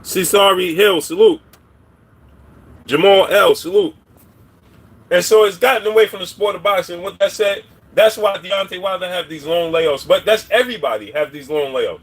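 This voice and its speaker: Livestream host: a man with a high, husky voice, casual and rambling, greeting the chat. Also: moderate pace. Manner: rambling, shouts out viewers by name. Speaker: boxing commentary livestream host.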